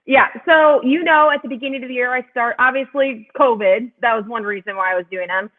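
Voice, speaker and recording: A woman's voice: fairly high pitch, a little fast. A woman from Wisconsin, a guest, telling travel stories in a chatty way and laughing often. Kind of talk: casual chat. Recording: tinny phone-like call audio.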